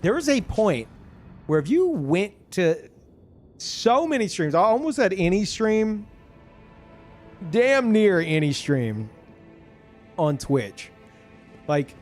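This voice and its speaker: A man's voice: high-pitched, slow, pauses often, faint music behind. A young man streaming a video game, ranting casually with lots of swearing and filler words. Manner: profane, animated, lots of fillers. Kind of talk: casual live-stream rant while gaming.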